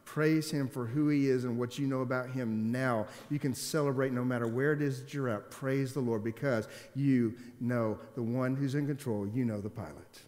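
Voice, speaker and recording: A man's voice: mid-range voice, steady tone, normal speed, hardly any pauses, a little mellow. A man preaching a sermon and telling a story to make his point, in an earnest, emphatic way. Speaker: pastor. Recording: long hall reverb.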